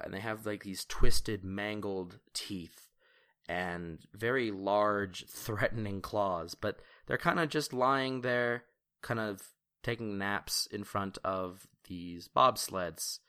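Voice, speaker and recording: A man's voice: fairly low pitch, pushed and bright, clear, resonant tone. A young man narrating as game master in a loose, chatty way, with many fillers and frequent laughter.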